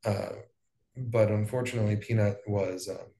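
A man's voice: lowish voice, steady tone, moderate pace, mellow. A young man from Hawaii telling his story in casual, rambling talk, full of fillers and swearing. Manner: loose, profane, rambling with fillers. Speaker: wildfire survivor guest. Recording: echoey room.

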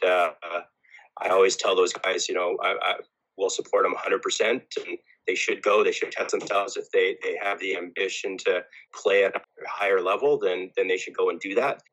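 A man's voice: sits low, flat delivery, normal speed, a bit bright, low-quality recording. A man, a head football coach, talking earnestly as a guest in a casual podcast interview. He often repeats words as he gathers his thoughts.

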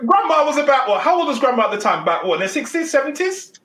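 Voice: high-pitched, sing-song, fast, a bit bright. An interview host asking questions in a playful, teasing way, often repeating words. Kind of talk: casual interview chat. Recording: echoey room with faint noise.

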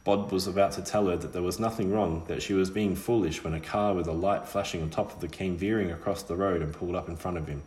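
A man reading a novel aloud in a measured, steady way, with small slips. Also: low voice, reverberant. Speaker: narrator. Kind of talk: audiobook reading.

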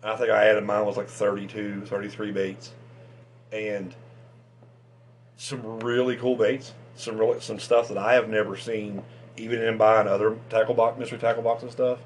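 A man hosting a fishing channel, chatting casually and excitably about tackle, with lots of restarts and fillers. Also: lowish voice, normal speed, a little hiss or hum.

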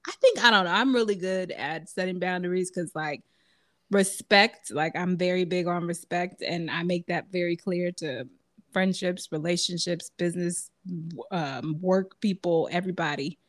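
A woman's voice: on the low side, normal speed, dry recording, studio quality. A woman podcast co-host with a Southern US accent, giving frank, matter-of-fact opinions in casual chat.

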